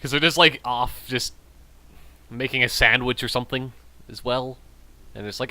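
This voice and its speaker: A tipsy man hosts a gaming channel, offering rambling, jokey, self-amused commentary as he plays. His medium-pitched voice holds a steady tone at a moderate pace, sounding pushed and bright, and he pauses often.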